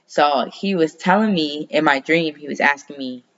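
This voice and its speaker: A woman's voice: low-pitched, normal speed, fairly bright tone, lo-fi sound. A woman chatting casually in a loose, rambling way and swearing freely as she talks through her dreams and astrology. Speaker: astrology vlogger. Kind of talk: casual personal chat.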